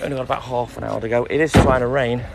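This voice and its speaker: A man's voice: mid-range voice, fairly even intonation, quick pace, gravelly. A man in the middle of his early-morning milk round, streaming live from his phone as he works. He talks in an easy, friendly way, greeting viewers by name and answering their comments, with music playing in the background. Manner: chatty and friendly, gives viewers shout-outs by name. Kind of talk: casual live-stream chat reading out comments.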